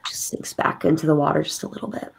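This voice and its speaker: Woman game master, low-ish voice, casual narration. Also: quick pace, gravelly, in a whisper. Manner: casual, storytelling with asides.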